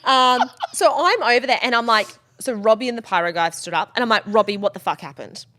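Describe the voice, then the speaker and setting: Fast-talking woman storyteller. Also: on the high side. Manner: animated storyteller, swears freely, acts out quotes. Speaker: podcast co-host and wedding planner. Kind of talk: casual podcast chat.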